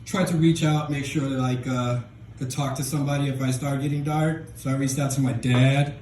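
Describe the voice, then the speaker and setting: A man doing a rambling, deadpan stand-up set on a small club stage into a handheld mic. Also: medium pitch, a little fast, reverberant, slight background noise, rough recording. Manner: deadpan, rambling, self-deprecating. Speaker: stand-up comedian.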